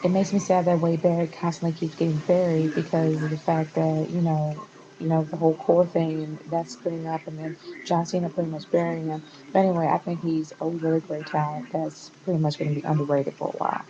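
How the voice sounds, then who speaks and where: A woman's voice: low-pitched, level tone, brisk, highs cut off. Exasperated woman ranting to camera. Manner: passionate, exasperated, rambling with restarts. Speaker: wrestling vlogger. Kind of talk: casual opinion rant to camera.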